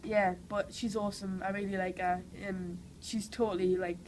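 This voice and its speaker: A rough recording with slight background noise captures a young actress from Newcastle chatting enthusiastically in a casual interview. She has a Geordie accent and a cold and uses lots of "like" and "you know." Her medium-pitched voice is a little mellow, level in tone, at a normal speed.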